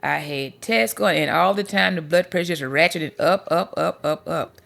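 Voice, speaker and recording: A woman's voice: on the low side, normal speed, creaky, fairly bright tone. A woman podcast host and life coach telling her own story candidly, with homespun sayings, emotional at times. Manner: heartfelt and candid, with folksy sayings. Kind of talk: personal testimony storytelling.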